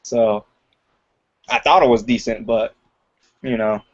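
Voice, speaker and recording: A man's voice: medium pitch, fairly even intonation, takes it slowly. A young man chatting as an interview guest, talking loosely with lots of "like" and "you know" and laughing often. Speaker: guest, aspiring comedian. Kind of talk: casual interview chat. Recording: dull lo-fi audio.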